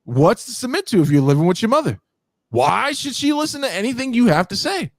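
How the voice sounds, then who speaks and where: A man hosting a casual debate talk show, animated, repeating himself and rising in pitch as he makes his points. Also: brisk, no echo, studio quality. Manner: repeats words often, lots of filler. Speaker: show host.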